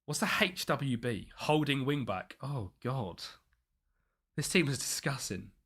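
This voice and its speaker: A man's voice: medium pitch, lively intonation, measured pace, a bit bright, husky. A man chatting as he streams a football management game, reacting to the match and his chat. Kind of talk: live gameplay commentary.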